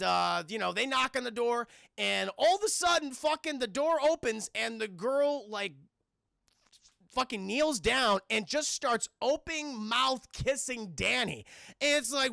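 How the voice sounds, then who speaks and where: A man's voice: very high-pitched, creaky, pushed and bright, no room sound, clean studio sound. A man casually retelling a film on a live stream, rambling, swearing and talking to his chat. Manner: rambling, profane, talks to chat.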